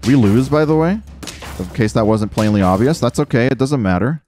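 A man's voice: mid-range voice, expressive, brisk, a little mellow, faint music behind. A man streaming a game with casual commentary, talking to himself, mocking his own moves and swearing now and then. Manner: self-mocking, talks to himself while playing; swears casually, says dude a lot. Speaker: gaming streamer.

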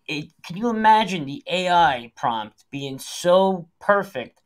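A man's voice: sits high, expressive. Joking man in casual chat. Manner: joking, crude, quick to laugh. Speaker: podcast co-host.

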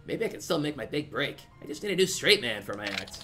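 A man's voice: medium pitch, big pitch swings, quick pace, lightly acted. A man voicing a washed-up comedian who rambles in a folksy, self-deprecating way, with game music behind. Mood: mopey.

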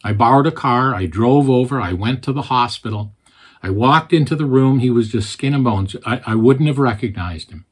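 A man with a husky, slightly rough voice preaches in an earnest storytelling way. He recounts past conversations plainly and directly, at a medium pitch for a man. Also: moderate pace. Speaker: Christian speaker. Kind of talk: storytelling sermon.

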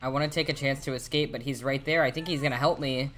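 A young adult game streamer chatting casually with viewers and swearing a lot, turning loud and excited when the game gets tense. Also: medium pitch, fast talker, few pauses. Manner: reacts loudly and excitedly to the game. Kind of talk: casual live-stream chat while gaming.

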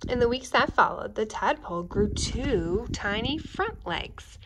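A young woman, a teacher, reading a picture book aloud to children indoors in a gentle, expressive way, speaking to the kids directly. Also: on the high side, unhurried, background noise. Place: indoors at home.

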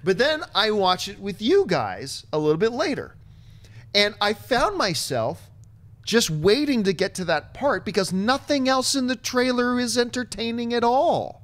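A man giving his opinions in a casual movie panel chat, talking in an animated way. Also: sits high, a little slow. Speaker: movie talk show panelist.

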